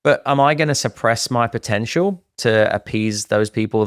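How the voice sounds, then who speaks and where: A middle-aged man co-hosting a casual podcast, talking in an animated way and acting out what other people say. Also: medium pitch, moderate pace, smooth, no echo, clean studio sound. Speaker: podcast co-host.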